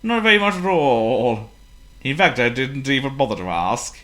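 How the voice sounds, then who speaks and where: A storybook narrator voicing Potto, a plump, greedy and boastful male animal who talks grandly and whoops with excitement. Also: mid-range voice, moderate pace, lightly acted. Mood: pleased.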